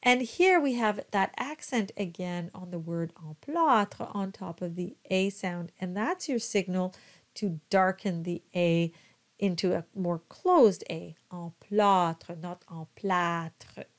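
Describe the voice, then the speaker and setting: Slow, patient female diction coach. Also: lowish voice, expressive. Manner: patient, spells out letters and models each word slowly. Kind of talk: slow, careful pronunciation coaching.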